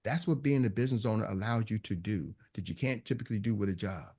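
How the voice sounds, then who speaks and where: A man gives a business coach's motivational talk to a live online audience, his fairly low voice quick, mellow and slightly rough. He's emphatic and preachy, hammering points home by repeating his punchlines.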